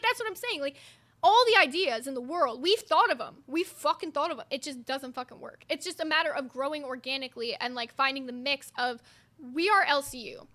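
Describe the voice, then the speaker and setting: A woman's voice: sits high, sharp tone. A woman hosting a livestream chat, talking bluntly and swearing often while reading viewer comments. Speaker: show host.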